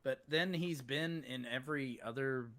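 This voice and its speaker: A man's voice: medium pitch, measured pace, a bit bright, a little hiss or hum. A man co-hosting a podcast, blunt and sarcastic, swearing freely in casual chat. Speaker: podcast co-host.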